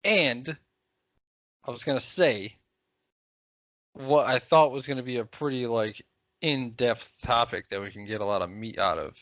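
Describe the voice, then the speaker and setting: A male podcast co-host rambles through crude, hesitant chat full of fillers. He is recorded on a dull, muffled mic in a dead, dry space. His pitch is middling for a man. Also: unhurried, long pauses, fairly bright tone, no room sound.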